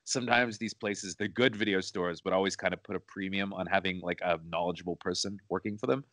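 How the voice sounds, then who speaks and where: A man's voice: sits low, fairly even intonation, a little fast, a bit bright, no echo. A man co-hosting a casual chat, telling a story in a rambling way, repeating words and restarting his sentences. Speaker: co-host. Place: studio.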